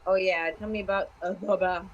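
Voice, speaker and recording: Quiet woman with short replies. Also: medium pitch, fairly even intonation, brisk, lo-fi sound. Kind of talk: casual chat.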